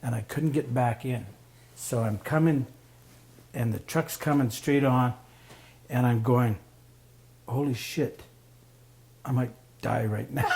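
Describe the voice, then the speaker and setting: Guy telling a story, middle pitch, gets loud and acts out the voices. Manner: animated, acts out quoted voices, laughs often. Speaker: storyteller guest. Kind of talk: casual spoken storytelling.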